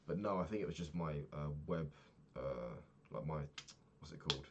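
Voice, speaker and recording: A man's voice: extremely low pitch, animated, normal speed, noisy background. A young man in his twenties talking frankly in a rambling daily vlog, swearing casually and filling gaps with ums. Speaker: vlogger.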